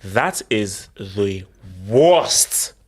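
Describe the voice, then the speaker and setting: Animated young man, lively pitch. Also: drawn-out words. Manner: animated, laughing, repeats himself. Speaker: podcast co-host. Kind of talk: casual chat.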